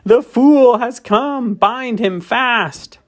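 A man voicing a cruel, proud witch queen who barks shrill, clipped commands in an audiobook reading. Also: very slow, heavily acted. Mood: triumphant. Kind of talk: audiobook character voice.

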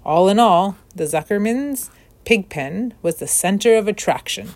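A woman narrating a children's novel aloud with steady, clear storytelling. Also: mid-range voice, unhurried, dry recording.

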